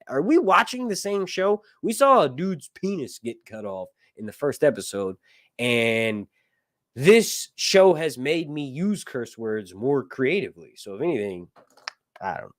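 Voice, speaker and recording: Male livestream host, casual rambling reaction talk, middle pitch, dry close sound, cusses and laughs a lot. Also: no echo. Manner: rambling, excitable, swears freely, laughs often. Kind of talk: casual live reaction and analysis.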